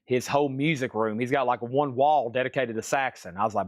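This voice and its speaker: A man's voice: mid-range voice, a little fast, dry recording, studio quality. A man running a live vinyl sale, chatting in a folksy, rambling way and humming bits of songs. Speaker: live-stream record seller. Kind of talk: live sales stream chat.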